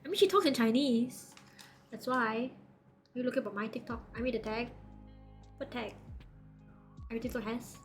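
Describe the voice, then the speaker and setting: A woman's voice: fairly high pitch, moderate pace, long pauses, soft background music. A woman chatting casually as a streamer, giggly and chatty with loose grammar. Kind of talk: casual reaction chat.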